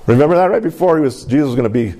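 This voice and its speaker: A man preaching a sermon in an animated call-and-response manner, often asking for an amen and laughing. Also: on the high side, very fast. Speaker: pastor.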